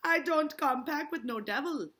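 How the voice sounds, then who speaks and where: A woman's voice: sits high, moderate pace, very noisy, voice pushed up, lightly acted. A woman reading aloud and voicing a frightened woman accused of witchcraft, who pleads her innocence in a broken dialect. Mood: pleading.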